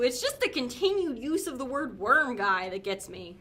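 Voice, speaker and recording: A woman's voice: fairly high pitch, big pitch swings, moderate pace, bright, forceful tone. A woman livestreamer chatting casually and playfully with her viewers, giggling and teasing as she reacts. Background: faint game music.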